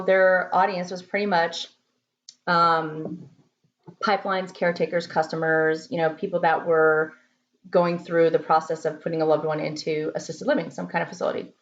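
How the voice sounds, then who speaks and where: Chatty woman marketer, lo-fi recording. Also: mid-range voice. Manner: chatty, frequent laughter, repeats words for emphasis. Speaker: promotional marketing consultant. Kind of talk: casual marketing vlog. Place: home office.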